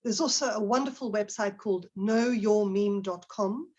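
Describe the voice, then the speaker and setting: A woman's voice: medium pitch, normal speed, a little mellow, dull audio. A middle-aged woman giving an online talk to teachers, conversational and full of fillers and restarts, asking her audience questions.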